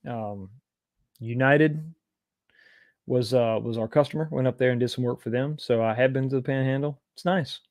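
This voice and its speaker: Man, livestream host, rambling chat, answers viewer comments, mid pitch, dry close sound. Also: moderate pace, a little mellow, no room sound. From East Texas.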